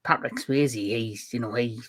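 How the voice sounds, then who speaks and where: A male movie-show host in casual conversation, voice sitting at an ordinary middle pitch. He jokes around and keeps restarting his sentences as he goes, loose and unscripted. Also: a little slow, fairly bright tone. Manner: jokey, talks with many restarts. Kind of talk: casual movie review chat.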